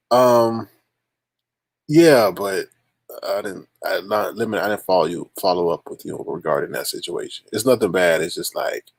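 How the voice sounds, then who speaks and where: Gravelly, animated man hosting a livestream. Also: low-pitched, no echo. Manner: exasperated, laughing, talks to chat as "y'all". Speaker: livestream host. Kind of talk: casual livestream chat.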